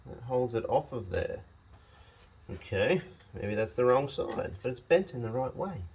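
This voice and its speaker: Working on his truck in a home shed, a man vlogs casually, chatting to the parts and grumbling with self-mocking wit. His medium-pitched voice swings widely in pitch, moves a little slowly, and sounds slightly mellow and rough, with lo-fi sound quality.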